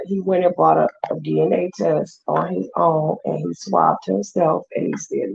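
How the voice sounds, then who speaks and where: Gravelly-voiced woman telling a story. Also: on the low side, moderate pace, hardly any pauses, muffled recording. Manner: animated retelling with quoted voices. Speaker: vlogger. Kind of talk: casual storytelling chat.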